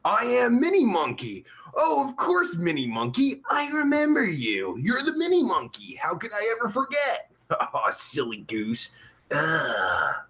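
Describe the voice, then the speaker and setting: A man's voice: huge pitch swings, measured pace, creaky, sharp tone, exaggerated voice. A man playing a crude, boastful adult male pimp in an improvised live-chat comedy rant. He has a sore throat, and his talk is vulgar and rambling. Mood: sleazy. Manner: vulgar, rambling, swings pitch up and down. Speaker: live-stream comedy host in character.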